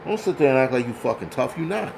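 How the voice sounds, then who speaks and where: A man's voice: medium pitch, lively intonation, fast talker, creaky, a little mellow, a little hiss or hum. A man hosting his own channel, ranting bluntly and profanely in casual commentary with many restarts. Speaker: channel host.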